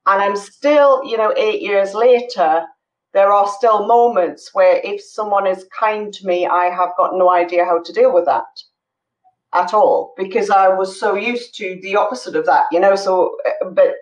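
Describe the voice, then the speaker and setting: An earnest woman co-host talks in a halting way, stopping to find her words. Her voice sits back from the mic in a roomy, echoing space. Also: mid-range voice, distant mic. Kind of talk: casual chat.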